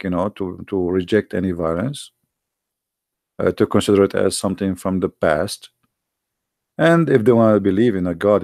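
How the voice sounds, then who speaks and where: A man with halting, non-native English giving a casual, heated, argumentative monologue to viewers, often repeating himself. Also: lowish voice, gravelly, dark tone, no room sound, studio quality. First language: not English.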